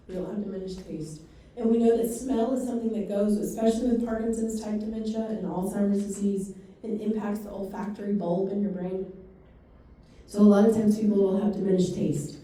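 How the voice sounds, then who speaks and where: Delivering dementia-care training to a live audience, a woman of medium pitch talks quickly and with energy, her tone dark and mellow. Her storytelling is sprinkled with quick asides, and she sounds distant in a highly reverberant room.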